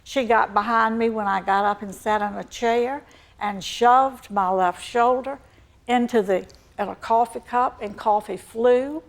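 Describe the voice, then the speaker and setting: A woman's voice: on the high side, measured pace. An older woman with a Virginian Southern accent, a guest on a talk show, answering defensively and formally with repeated "no, sir.". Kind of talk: emotional talk show testimony.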